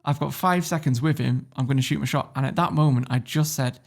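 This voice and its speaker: A quick-talking man from northern England with a gravelly, creaky voice. He tells a story as a podcast guest, loose and animated, swearing freely as he goes. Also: medium pitch. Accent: northern English. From Warrington, England. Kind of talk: casual interview storytelling.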